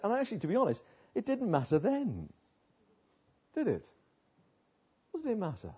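A man's voice: sits high, dark tone, breathy edge, dull audio. An older man preaching a sermon as pastor, earnest, often asking rhetorical tag questions.

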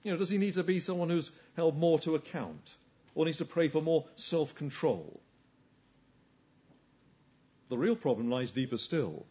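A man preaching a sermon. He asks rhetorical questions and swings between hushed lines and forceful emphasis. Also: fairly high pitch, animated, moderate pace, pauses often, highs cut off.

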